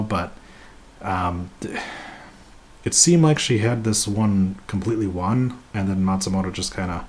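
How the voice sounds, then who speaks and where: A man's voice: fairly low pitch, darkish tone, a little hiss or hum. A man hosting a podcast, reading a scripted wrestling review with sarcastic, mocking asides and crude jokes.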